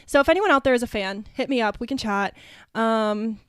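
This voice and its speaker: A woman's voice: on the high side, expressive, fairly quick, clear, resonant tone, dry recording, clean studio sound. A young woman from Ohio co-hosting a podcast, chatting in a bubbly, chatty way with lots of fillers. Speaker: podcast co-host. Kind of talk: casual chat.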